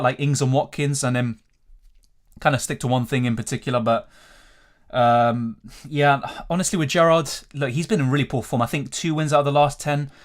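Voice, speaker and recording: Young male streamer, mid-pitched, loose off-the-cuff chat Q&A, reads questions aloud then riffs. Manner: casual, rambling, reads viewer questions aloud. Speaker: fantasy football streamer.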